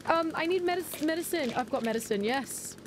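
A woman live-streaming a co-op survival game, chatting with viewers and teammates and reacting loudly when startled. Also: high voice, animated, brisk, a little hiss or hum. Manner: chatty, talks to viewers, jumpy loud reactions. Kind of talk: live co-op gameplay chat.

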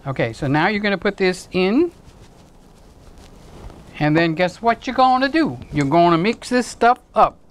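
A man's voice: unhurried, pauses often, poor audio. A man hosting his own home cooking video, chatting playfully to viewers with joking asides. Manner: swoops into high excited exclamations. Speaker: home cooking channel host. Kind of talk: casual cooking demonstration to camera.

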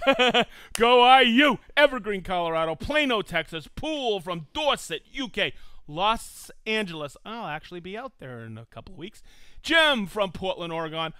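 A live show host with a high, sharp, clear and resonant voice swings widely in pitch at a moderate pace, with no echo. He's upbeat and jokey in casual live-stream chat, cheerfully reading out viewers' hometowns and kidding around with his crew.

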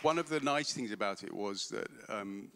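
A man's voice: fairly low pitch, normal speed, a bit bright, clear, resonant tone, a faint crowd. A male author on a festival stage, telling anecdotes with laughter and self-mockery. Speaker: author being interviewed. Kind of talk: live storytelling at a literary festival. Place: festival stage before a live audience.

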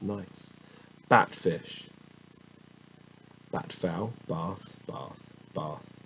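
A middle-aged man reads the dictionary out loud at a slow, tired crawl, with musing asides. His voice sits low and gravelly. A faint hiss of noise runs underneath. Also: rough recording. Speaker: host reading the dictionary aloud. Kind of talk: casual dictionary reading.

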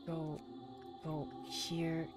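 A man's voice: on the high side, monotone, drawn-out words, over music. A man commentating his own gameplay, tense and shaky, swearing often and repeating himself in frantic bursts. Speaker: gaming streamer.

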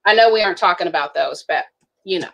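A woman's voice: lowish voice, quick pace, vocal fry, slight background noise, rough recording. A woman giving a casual live makeup tutorial over a video call, chatty and listing shade names one by one. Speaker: beauty director giving a makeup demo.

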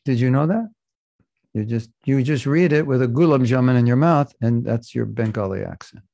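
A man with a gravelly, creaky voice teaches a scripture class. He reads slowly and with measure, then breaks off for joking asides. The sound is dry and close, with no room echo. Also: mid-range voice, mellow. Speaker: spiritual teacher. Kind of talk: scripture class, reading and commenting.

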